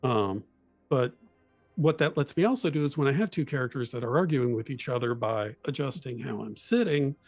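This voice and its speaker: A man's voice: mid-range voice, expressive, moderate pace, darkish tone, no room sound, faint music behind. A man in a casual panel chat, explaining in a thoughtful way how he plays characters.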